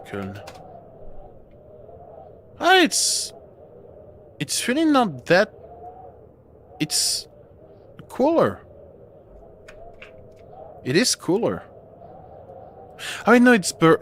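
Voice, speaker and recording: A man's voice: medium pitch, a bit bright, slight background noise. A man streaming a horror game, chatting casually in a rambling way and breaking off with laughs. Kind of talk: casual gameplay commentary.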